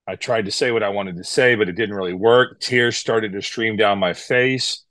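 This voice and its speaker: Man, podcast guest, deep voice, steady deliberate storytelling, dry sound. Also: dry recording. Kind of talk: personal testimony.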